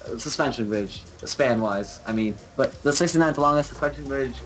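A man's voice: mid-range voice, normal speed, a little hiss or hum, low-quality recording. A young man hosting a game stream in casual chat, rambling and profane, full of fillers. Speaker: streamer host.

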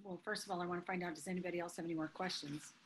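A woman, a church leader hosting a preaching class over a call, gushing and excited as she speaks. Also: on the low side, very fast, background noise. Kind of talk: enthusiastic informal hosting on a call.

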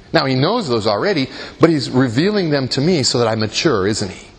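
A man's voice: mid-range voice, big pitch swings, brisk, few pauses, a little hiss or hum. A man leading a Christian workshop in a conversational way, often asking his listeners rhetorical questions and making jokes at his own expense. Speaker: workshop leader.

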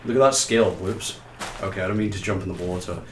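Out of breath guy streaming a game, lowish voice, roomy room with a bit of hiss. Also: fast talker. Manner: chatty, self-mocking, swears, reads chat aloud. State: out of breath, legs tired. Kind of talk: live gameplay commentary.

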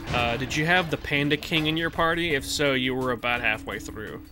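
A man's voice: mid-range voice, moderate pace, music in the background. A man casually commenting while he plays a video game, chatty and swearing now and then while answering chat. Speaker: let's play streamer.

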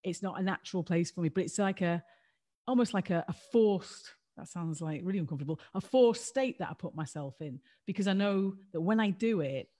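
A woman's voice: on the low side, brisk, mellow. A woman co-hosting a livestream, talking candidly and self-deprecatingly in a rambling way over a video call. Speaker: co-host.

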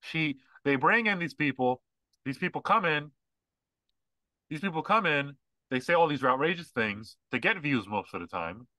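A man's voice: fairly high pitch, lively intonation, normal speed, sharp tone, no echo. A man co-hosting a podcast, ranting in casual, mocking chat with lots of fillers. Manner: ranting, mocking, mimics others. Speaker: podcast co-host.

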